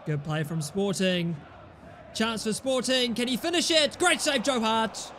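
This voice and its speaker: A man with a very high, bright voice giving live gameplay commentary as he plays. He flips between low mutters and sudden yells, trading cheeky, sweary banter with his teammates. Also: measured pace, slight background noise. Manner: excitable, swings between muttering and yelling. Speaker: gaming YouTuber.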